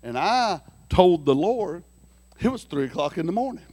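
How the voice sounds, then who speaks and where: A man preaching a sermon through folksy, joking stories, animated and lively. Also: high voice, normal speed, no room sound. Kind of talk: storytelling sermon.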